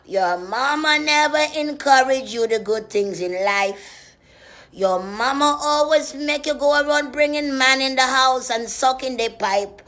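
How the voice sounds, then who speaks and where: A woman doing a profane comic rant in a preacher's manner, dropping to hushed whispers and rising to loud shouts. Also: high-pitched, a little slow. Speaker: comedian.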